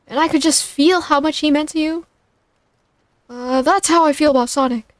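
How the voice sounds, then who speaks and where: A nervous man confessing and apologizing in hesitant bursts, as a woman reads him. The voice is high, with a dry, close sound. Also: moderate pace, no echo, lightly acted. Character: anxious, guilty middle-aged man.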